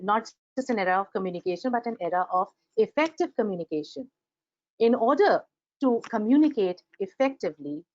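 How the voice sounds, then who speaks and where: A woman's voice: medium pitch, no room sound, lo-fi sound. A woman with an Indian English accent giving a grammar webinar lecture, acting out example sentences as she talks. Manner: animated, acts out example sentences. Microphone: computer microphone on a video call.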